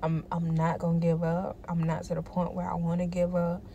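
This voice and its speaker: A woman's voice: fairly low pitch, completely flat delivery, brisk, mellow, muffled recording, slight background noise. A tired woman in a personal vlog, talking emphatically and repeating herself to encourage herself. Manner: emphatic, repetitive, self-encouraging. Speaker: vlogger.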